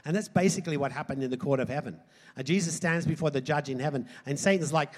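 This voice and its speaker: Aussie-sounding guy preaching, fairly high voice, lots of hall echo, gets loud then drops quiet. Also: quick pace. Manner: animated, swings from loud emphasis to low asides. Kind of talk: sermon. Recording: hall reverb.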